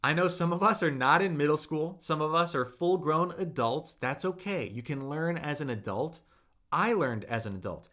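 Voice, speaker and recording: A man's voice: a little high, lively intonation, normal speed, pushed and bright. A young man hosting a casual live-stream language lesson, upbeat and encouraging, with many fillers and "right?" tags.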